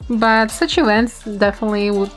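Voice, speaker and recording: A woman's voice: mid-range voice, steady tone, moderate pace, faint music behind. A young woman streamer reading a game story aloud and chatting loosely with viewers. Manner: chatty, loose, with small restarts.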